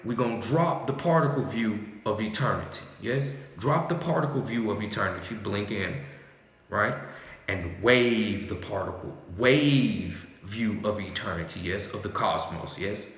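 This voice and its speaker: Speaking low and at a measured pace, a spiritual speaker wanders through a casual, slangy monologue. He checks in with "yes?" and "right?" and calms his listener with repeated "calm down," all in a heavily reverberant room.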